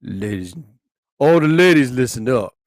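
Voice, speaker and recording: A man's voice: lively intonation, a little slow, dry recording, close to an everyday voice. Cocky late-night lover-man DJ, dropping his voice to croon at the ladies, dry close sound, as a man puts him on. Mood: seductive. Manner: low crooning come-ons to ladies. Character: smooth-talking male radio-lover persona, cocky.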